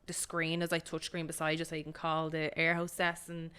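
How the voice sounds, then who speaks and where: Woman, Irish accent, young adult, casual chat, lots of likes and ums, swears, lowish pitch. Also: completely flat delivery, brisk, bright, forceful tone, smooth. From Ireland. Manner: chatty storytelling, full of likes and ums, swears freely. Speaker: podcast co-host.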